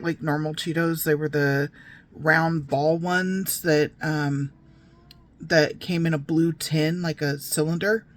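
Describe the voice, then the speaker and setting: A woman reading her own memoir aloud, breaking off often for wry, digressive asides spoken straight to her listeners. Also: deep voice. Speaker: memoir narrator.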